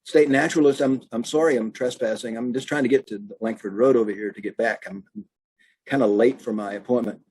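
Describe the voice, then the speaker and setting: A man voicing a hurried, polite middle-aged male naturalist who is flustered, in close to his own voice. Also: medium pitch, a little mellow, breathy edge, no room sound, natural voice, rough recording.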